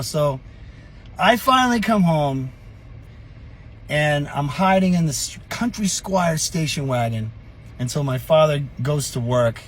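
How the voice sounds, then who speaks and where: A middle-aged man spins a tale from his past with lively, profane energy. His voice sits a little high for a man and carries a husky rasp. He talks in a casual, unscripted vlog style. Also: unhurried. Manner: animated, profane, chuckling storyteller. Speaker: storyteller.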